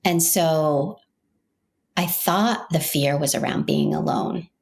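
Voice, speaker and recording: A woman's voice: low-pitched, takes it slowly, vocal fry, darkish tone. A middle-aged woman from Maine, a podcast host telling her own story in an earnest, heartfelt, reflective way. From Maine, United States.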